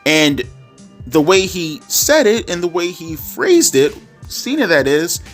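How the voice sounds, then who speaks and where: A man's voice: fairly high pitch, a bit bright. A man giving a casual opinion rant, rambling with frequent restarts and self-corrections and casual swearing. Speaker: wrestling commentary YouTuber. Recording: faint instrumental music underneath.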